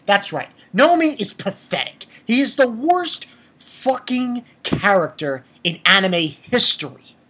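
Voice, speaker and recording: Man, husky, anime review rant, profane, mocking, swings between shouting and muttering. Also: sits high, very animated, a little slow. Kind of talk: ranting episode review.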